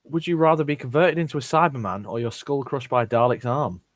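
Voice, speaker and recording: A man's voice: mid-range voice, fast, no room sound. A young man reading out viewer questions and giving blunt, sweary verdicts in a casual Q&A. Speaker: YouTuber answering viewer questions.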